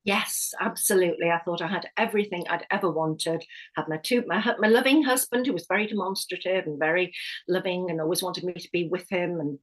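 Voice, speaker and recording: A woman's voice: on the low side, a little fast, poor audio. Candid woman guest telling her story. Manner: candid, with frequent restarts and self-corrections. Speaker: guest, hypnotherapist and life coach. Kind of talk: personal storytelling in a podcast interview.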